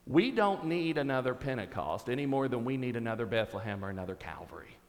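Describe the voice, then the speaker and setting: A man delivers a dramatic sermon from a church stage. His high voice moves between hushed asides and ringing shouts. A long reverb from the big room follows him. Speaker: pastor.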